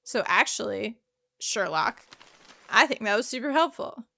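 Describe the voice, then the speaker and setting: A woman's voice: on the high side, lively intonation, unhurried, gravelly, sharp tone. A woman giving chatty, joking commentary while playing a detective game. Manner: chatty, joking, laughs often. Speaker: game streamer. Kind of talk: casual gameplay commentary.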